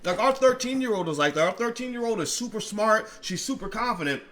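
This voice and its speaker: Middle-aged man, high voice, bright and forceful, profane commentary host, slightly slurred speech. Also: animated, quick pace. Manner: fiery, profane, swings between loud outbursts and quiet asides. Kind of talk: livestream commentary, reading viewer comments.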